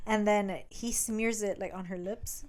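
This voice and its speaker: A woman's voice: mid-range voice, steady tone, measured pace, a little mellow. A woman co-hosting a podcast, casually recapping a romance book, acting out the characters' lines with big jumps in her voice and frequent laughs. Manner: laughs often, swears casually. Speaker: podcast co-host.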